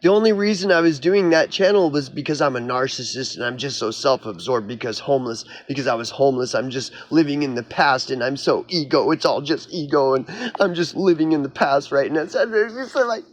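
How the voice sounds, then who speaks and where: A man's voice: medium pitch, brisk. A man from Oklahoma, a YouTuber, delivering a heated, sarcastic vlog rant in a mocking, exasperated manner. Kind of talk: ranting vlog monologue.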